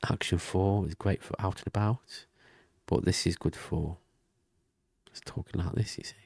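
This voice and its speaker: A man talking quietly and rambling in a casual diary vlog at home, often half-whispering. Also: low voice, steady tone, moderate pace, creaky, husky, no room sound. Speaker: vlogger. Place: home room with thin walls. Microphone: desk mic and webcam.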